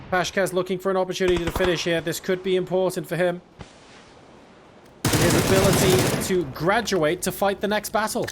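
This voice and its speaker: A male esports caster with a high, bright-edged voice calls the match live, talking fast and leaping up in excitement on big plays. He speaks close into a headset mic. Game gunfire and clicks sound clearly behind him. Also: heavy background noise. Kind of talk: live play-by-play commentary.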